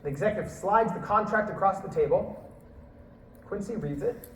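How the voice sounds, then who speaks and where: A man telling a story in a talk, lively, acting out what people said. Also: high-pitched, normal speed, reverberant, far from the mic, a little hiss or hum, poor audio. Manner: animated, acts out quotes and laughs. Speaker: speaker.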